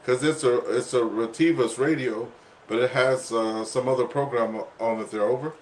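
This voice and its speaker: Coughing ham radio net host. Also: male voice, medium pitch, fairly even intonation, normal speed, slight background noise. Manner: rambling with many fillers, says "there" often. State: coughing, short of breath. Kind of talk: casual radio chat.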